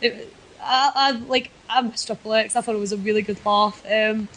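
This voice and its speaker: A woman's voice: fairly high pitch, steady tone, normal speed, a bit bright, rough recording. A Scottish woman, a wrestler guest, chatting casually and self-deprecatingly in a podcast interview. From Scotland.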